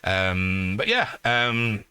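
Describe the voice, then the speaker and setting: A man in his forties from northeast England with a northeast English accent, chatting casually while streaming a video game, rambling and swearing freely, with loud excited greetings. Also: fairly low pitch, extremely slow, clear, resonant tone. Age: 40s. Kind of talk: casual live-stream chat.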